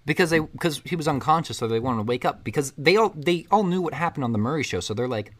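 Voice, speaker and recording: A man's voice: fairly high pitch, fast talker. Rambling man retelling a movie. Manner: rambling, animated storytelling with quoted lines. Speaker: co-host recapping a film. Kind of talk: casual chat.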